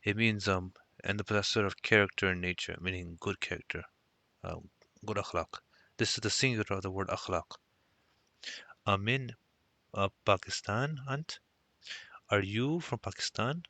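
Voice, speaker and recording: A man's voice: lowish voice, moderate pace, long pauses, pushed and bright, dry recording. A man teaching a recorded language lesson, explaining step by step and mixing Arabic phrases into his English.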